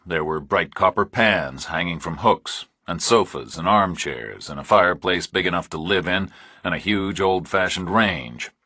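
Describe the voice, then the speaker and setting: A man reading a thriller audiobook in a measured, deliberate narration. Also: sits low, lively intonation, bright, forceful tone, slightly rough, no echo, studio quality. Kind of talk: scripted narration.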